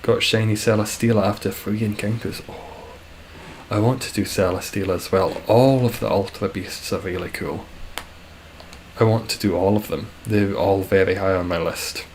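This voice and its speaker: A man's voice: on the low side, steady tone, normal speed, a little mellow, slight background noise, poor audio. A young man streaming a game, chatting casually with viewers in a rambling, self-deprecating way.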